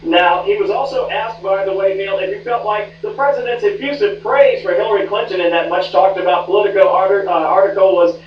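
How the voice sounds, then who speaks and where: A man's voice: high-pitched, fairly even intonation, fairly quick, few pauses. A man reporting live for TV news in a breezy, jokey, confiding way. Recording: roomy, dull, distant TV audio with hum.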